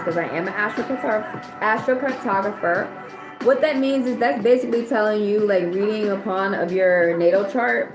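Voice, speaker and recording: American woman, livestream tarot host, blunt and salty, echoey room, music underneath. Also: mid-range voice. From United States. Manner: blunt, profane, rambling advice. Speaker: tarot reader hosting a livestream. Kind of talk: casual livestream chat.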